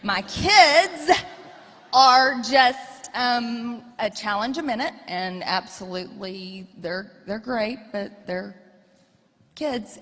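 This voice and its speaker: A woman's voice: on the high side, slow. A middle-aged woman telling candid, self-mocking stories as a guest in an onstage interview. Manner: blunt, self-mocking, animated storytelling. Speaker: guest speaker. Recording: long hall reverb.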